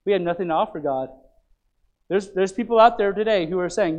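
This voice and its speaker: Passionate preacher man, loud to hushed. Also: lively intonation, a little fast. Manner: swings from loud urgent preaching to very soft, low pleading; repeats phrases and restarts mid-sentence. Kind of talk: sermon.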